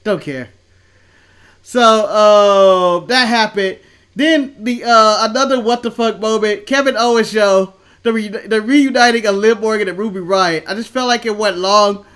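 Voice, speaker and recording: A man's voice: high voice, moderate pace, a bit bright, clean tone. A man co-hosting a casual chat show, laid-back and opinionated, rambling through his takes. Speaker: co-host.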